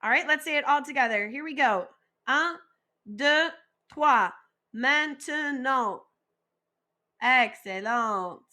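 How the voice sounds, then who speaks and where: A woman teaching a recorded French vocabulary lesson, slowly modeling each word and asking listeners to repeat after her. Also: high voice, expressive, bright, forceful tone. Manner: slow, clearly modeled pronunciation with call-and-repeat drills.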